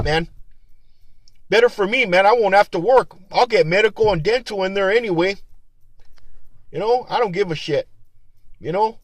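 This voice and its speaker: Man, somewhat high voice, heated and profane rants, dry close sound. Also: moderate pace, long pauses, no room sound. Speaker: security guard supervisor. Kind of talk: casual venting monologue.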